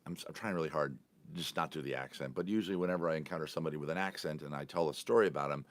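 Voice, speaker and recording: A man's voice: rumbling low, rapid-fire, no room sound. A man hosting his own podcast, telling a casual story in a chatty, rambling way and often correcting himself mid-sentence. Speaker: podcast host.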